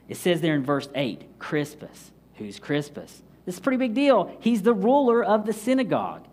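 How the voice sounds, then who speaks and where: A man preaching a conversational Bible study sermon, acting out scenes with quick asides. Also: fairly high pitch, expressive, darkish tone, a little hiss or hum. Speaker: pastor.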